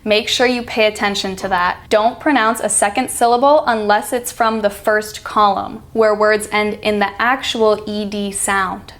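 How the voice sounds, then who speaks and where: A woman with an American accent teaching an online pronunciation lesson, reading example words slowly and deliberately. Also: mid-range voice, fairly even intonation, a bit bright.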